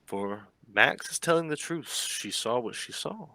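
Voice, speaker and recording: Menacing aristocratic baron, voiced by a male game master: cold, formal, unhurried. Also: medium pitch, lively intonation, bright, forceful tone, dry recording, voice pushed up.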